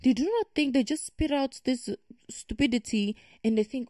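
A woman's voice: high voice, normal speed, mellow, no room sound, studio quality. A woman giving casual reaction commentary, ranting in an emphatic, exasperated way. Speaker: reaction video creator.

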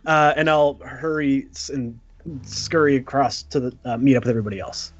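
A man's voice: medium pitch, normal speed, dull audio. Boastful man rambling in character. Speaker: player. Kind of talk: tabletop role-play, in character.

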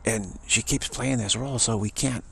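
A man giving a rambling spiritual talk, telling a story in halting phrases with many restarts. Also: on the low side, gravelly, a bit bright, a little hiss or hum. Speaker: spiritual teacher.

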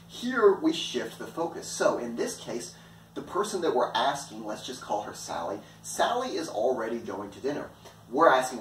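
A man's voice: normal speed, a little hiss or hum. Guy explaining stuff for a lesson, voice jumps up and down a lot, echoey room. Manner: animated, plays with stress and pitch for examples. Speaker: online instructor. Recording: echoey room, mic at a distance.

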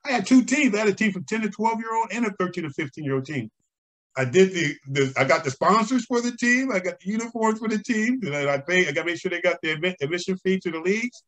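An older man, a guest on an interview show, tells animated stories with chuckles and acts out the voices of people he quotes. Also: high-pitched, quick pace. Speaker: interview guest, former umpire and scout. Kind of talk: conversational storytelling.

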